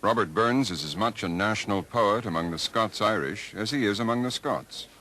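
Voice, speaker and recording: A man giving scripted narration for a documentary in a measured, expressive way. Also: fairly low pitch, low-quality recording. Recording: archival 1980s documentary with noise.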